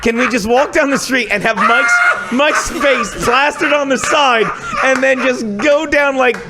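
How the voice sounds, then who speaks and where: A man on a comic podcast, firing off quick wisecracking jokes. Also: very high voice, very animated, background noise.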